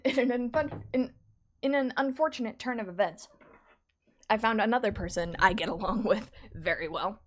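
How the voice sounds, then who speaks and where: A woman artist chatting casually on a live stream while drawing, animated and laughing often. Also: mid-range voice, moderate pace, a little hiss or hum.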